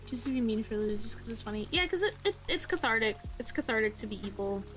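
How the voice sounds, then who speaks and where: A young woman with a slightly high voice chats casually while she draws on a livestream. She rambles and pokes fun at herself, leaning on a lot of fillers. Faint music and rain sit in the background. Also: animated, fast talker, a bit bright, low-quality recording. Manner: rambling and self-deprecating, lots of "like" fillers. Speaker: art streamer. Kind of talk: casual chat while drawing on stream.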